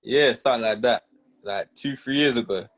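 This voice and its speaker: A young man co-hosting a casual podcast chat, teasing and joking with loud laughs. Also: medium pitch, moderate pace. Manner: teasing, jokey, laughs loudly. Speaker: podcast co-host.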